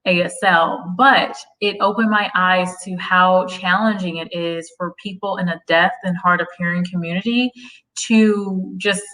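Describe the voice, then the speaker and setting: A woman's voice: lowish voice, fairly even intonation, measured pace, bright, forceful tone, poor audio. A young woman from the United States chatting on a live stream, reading viewer comments aloud and answering them. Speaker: livestream host. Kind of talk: casual livestream chat.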